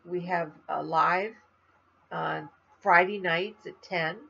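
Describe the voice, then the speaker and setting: A woman's voice: on the low side, vocal fry, dull audio. An older woman from Florida, a crafting vlogger, chatting in a rambling, tired, slightly stuffy way to her viewers. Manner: rambling, chatty, trails off with fillers. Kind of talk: rambling casual chat to viewers.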